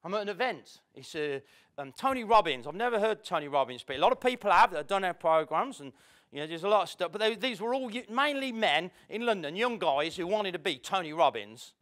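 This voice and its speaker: A man's voice: sits high, expressive, fairly quick, a bit bright. A man giving a motivational talk to a live audience in an event room, playful and acting out the people he quotes. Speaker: motivational speaker.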